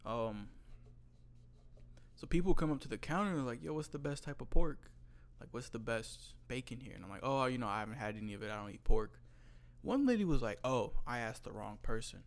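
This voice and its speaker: Gravelly young man telling shop stories. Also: medium pitch, expressive, brisk. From North Carolina, USA. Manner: profane, storytelling, acts out customers. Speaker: butcher. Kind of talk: casual chat.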